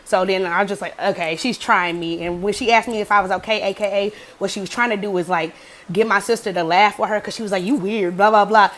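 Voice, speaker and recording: Speaking fast in a mid-range voice, this young woman vlogger spins a casual, lively story, cursing liberally and performing the quoted lines.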